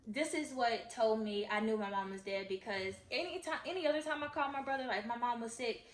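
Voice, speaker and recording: A woman's voice: a little high, quick pace. A woman in her twenties, a vlogger telling a personal story in an earnest, confiding way and talking straight to her viewers. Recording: echoey room.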